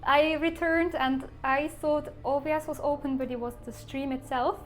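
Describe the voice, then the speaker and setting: A woman's voice: high voice, fairly even intonation, moderate pace, soft background music. A woman from Switzerland, chatting casually and rambling to her live-stream viewers, often laughing at herself.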